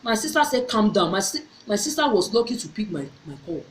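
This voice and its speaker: A middle-aged vlogger with a medium-pitched, very animated voice tells her viewers a personal story at a brisk pace. She speaks earnestly, often repeating and restarting phrases, in an echoey room with slight background noise.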